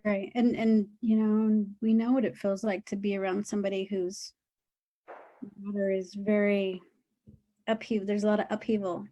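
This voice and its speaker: A woman's voice: medium pitch, level tone, moderate pace, warm tone, muffled recording. A woman talking earnestly and reflectively as an interview guest, with loose, rambling phrasing and many fillers. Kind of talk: reflective spiritual conversation.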